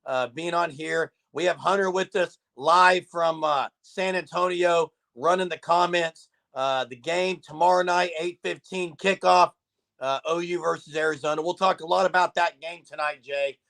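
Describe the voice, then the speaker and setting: A man's voice: a little high, normal speed, creaky, a bit bright. A man hosting a live sports talk show, chatting casually and reading viewer comments aloud. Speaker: podcast host.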